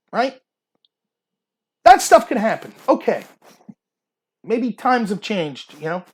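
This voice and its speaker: A male livestream host with a high voice that swings widely in pitch. He argues his point in a running monologue and slips into mocking put-on voices when he quotes others. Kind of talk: political commentary monologue.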